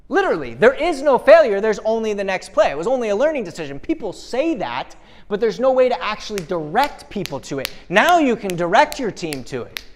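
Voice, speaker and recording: A man with a fairly high voice delivers a live motivational keynote, punchy and energetic. He keeps throwing rhetorical questions at the crowd and answering them himself. It is a speech from an event venue. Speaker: motivational speaker.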